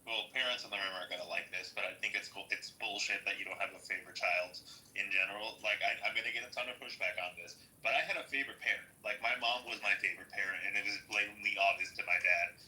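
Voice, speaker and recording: Quick bright man sharing opinions. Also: lowish voice, rough recording. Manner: hedging, filler-heavy opinion. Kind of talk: casual podcast chat.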